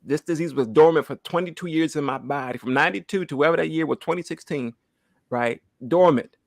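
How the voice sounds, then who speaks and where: A man's voice: on the high side, fast, vocal fry, no echo, studio quality. Earnest man in his thirties giving testimony. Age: 30s. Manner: earnest, repeats phrases, asks "right?" often. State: holding back tears. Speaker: church member giving testimony. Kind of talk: emotional personal testimony.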